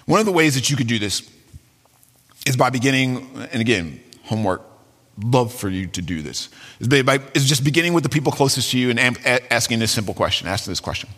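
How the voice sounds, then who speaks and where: A man preaching a sermon as pastor, animated and dramatic, acting out quotes with sudden swings in his voice. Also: medium pitch, fairly quick, in a large hall.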